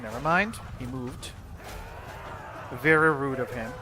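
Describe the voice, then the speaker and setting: The gaming host here is a young man whose mid-range voice moves at a measured pace. He offers easygoing commentary on his game, dropping the odd curse and drifting off mid-thought, while steady noise runs in the background.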